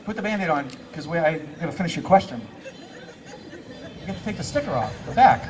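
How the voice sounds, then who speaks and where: With a crowd audible in the background, a man with a highish, sing-song voice speaks fairly quickly as a stage hypnotist. The distant recording from a live theater stage captures his patter as he playfully commands volunteers and laughs often.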